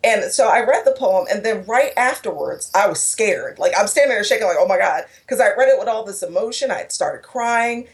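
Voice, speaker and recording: A woman's voice: mid-range voice, lively intonation, a little fast, hardly any pauses. A woman telling an emotional personal story in an interview, earnest, with restarts and quoted dialogue. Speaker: guest speaker.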